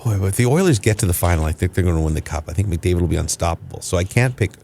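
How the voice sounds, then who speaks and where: A man with a fairly low voice hosts a casual sports podcast. He talks in a lively way and keeps pulling the chat back on track with jokey remarks. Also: rapid-fire, gravelly, a little hiss or hum. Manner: lively, steering the talk with jokey wrap-ups. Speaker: podcast host.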